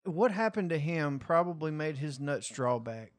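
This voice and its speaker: A man's voice: on the high side, lively intonation, moderate pace, dry recording. A man in casual, crude chat, reading out headlines with lots of laughter. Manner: crude, laughing, rambling delivery.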